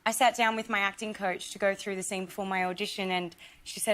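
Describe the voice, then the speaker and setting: A woman with an Australian accent, a guest on a talk show, telling animated anecdotes and quoting herself. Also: medium pitch, quick pace. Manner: animated storytelling, quotes herself. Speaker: actress guest.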